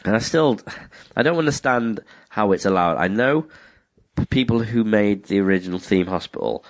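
A man chatting as a podcast co-host, his voice low and his remarks dry and wry. The sound is dry, with little room around it. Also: lively intonation, moderate pace, no echo. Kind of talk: casual chat about video games.

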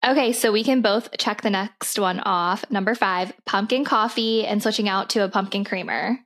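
A woman's voice: mid-range voice, normal speed, fairly bright tone. Bubbly young woman podcast co-host. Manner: bubbly, enthusiastic. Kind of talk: casual chat.

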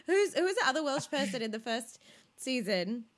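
A woman co-hosting a podcast in casual chat, animated and swearing freely while acting out quotes. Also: high-pitched, normal speed. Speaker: podcast co-host.

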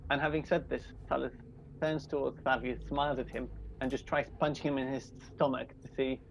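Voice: medium pitch, steady tone, brisk, gravelly, slight background noise, rough recording. A player at a tabletop game, talking in a wry, gossipy way. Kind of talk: casual tabletop play.

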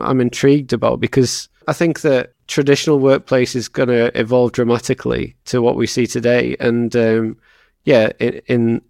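A man hosting an interview over a video call. His voice is gravelly and mid-pitched, and he feels his way through his questions with restarts. The recording is dry and close. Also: darkish tone, no echo. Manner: thoughtful, halting, with many restarts. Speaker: podcast host. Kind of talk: interview conversation.

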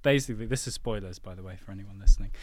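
A man's voice: fairly low pitch, racing, no echo. A man co-hosting a podcast in casual chat, telling a story playfully and laughing often. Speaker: podcast co-host.

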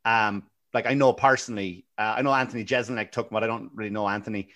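A man's voice: on the low side, fairly even intonation, fast, a bit bright. Blunt, sweary Irishman in his forties. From Ireland. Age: 40s. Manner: blunt, swears freely, stumbles and repeats words. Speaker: guest comedian. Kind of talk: casual podcast chat.

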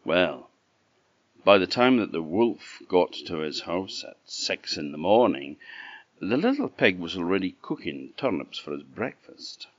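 A man with an Orkney Scottish accent telling a folk tale in a lively, expressive way. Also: sits low, measured pace, no echo. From Orkney, Scotland. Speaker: storyteller. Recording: dull dry lo-fi recording.

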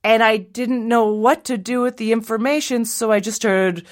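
A woman telling a funny personal story on stage, lively and acting out the voices of the people in it. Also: on the high side, moderate pace. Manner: animated, acts out voices in the story.

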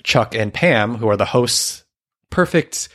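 A man's voice: mid-range voice, expressive, slow, a bit bright. A man co-hosting a podcast, chatting enthusiastically about a cartoon and laughing often. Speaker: podcast co-host. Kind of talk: casual chat about a cartoon.

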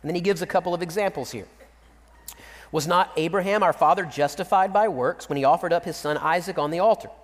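A man preaches with a high, lively voice, reading scripture and breaking into animated asides. His sermon rings through a church hall with a long reverb tail. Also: fast talker. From Central Texas. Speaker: pastor.

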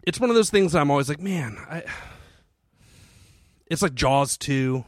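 A man co-hosting a casual movie commentary podcast, excitable and swearing freely, breaking into laughter often. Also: fairly high pitch, normal speed, no room sound, clean studio sound. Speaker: podcast co-host.

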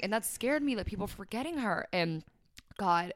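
A woman's voice: mid-range voice, lively intonation, normal speed, no echo. A young woman talking candidly and emotionally about her life as a podcast guest, with lots of "like" fillers and quoting others. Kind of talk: candid personal conversation.

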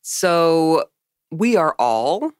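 A woman co-hosting a comedy podcast, swearing freely and teasing her partner. Her pitch leaps around with animation. The recording is close and dry. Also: very slow, no room sound. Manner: animated, profane, playful. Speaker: podcast co-host. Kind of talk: casual comedic chat.

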